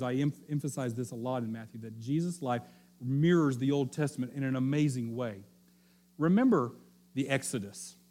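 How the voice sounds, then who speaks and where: A male pastor giving a sermon, telling the story with animated, repeated phrases and frequent restarts. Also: fairly high pitch.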